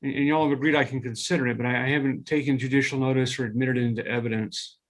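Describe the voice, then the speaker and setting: A man presiding as judge over a remote court hearing, halting and repeating words as he thinks. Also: mid-range voice, fairly even intonation. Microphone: video call.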